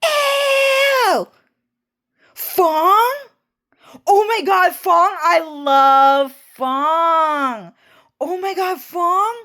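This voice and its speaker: A woman voicing a catty young woman who shrieks insults, curses and gushes over a friend in a much higher, strained voice. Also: lively intonation, very slow, long pauses, sharp tone, heavily acted. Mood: shrill mocking. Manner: shrieking, cursing, gushing then sneering.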